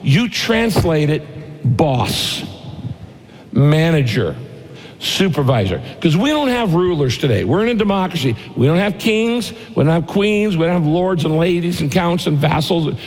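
Middle-aged male pastor, emphatic sermon delivery, slightly high voice, big reverberant church hall. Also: big pitch swings, a little mellow. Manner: emphatic, repeats key phrases, slows for scripture. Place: church auditorium. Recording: long reverb of a large hall.

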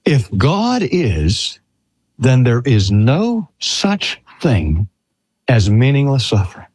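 An older man preaching a sermon in a slow, earnest way with drawn-out emphasis. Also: mid-range voice, huge pitch swings, a little mellow. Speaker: pastor.

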